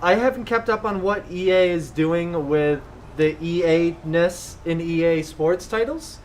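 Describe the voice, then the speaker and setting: High-voiced man, faint background hiss. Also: unhurried. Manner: laid-back, chuckling, reads chat comments. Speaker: podcast co-host. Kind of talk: casual gaming podcast chat.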